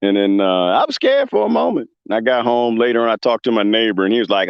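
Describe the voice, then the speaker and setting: A man's voice: mid-range voice, wildly swooping pitch, fast, hardly any pauses, no echo. A man hosting a casual live stream, rambling and joking, laughing often and reacting to chat. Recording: dull lo-fi dry mic.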